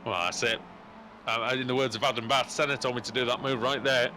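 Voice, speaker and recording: A man commentating on a sim race, getting excited and loud at each incident. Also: mid-range voice, brisk, background noise. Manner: excitable, rising sharply at incidents.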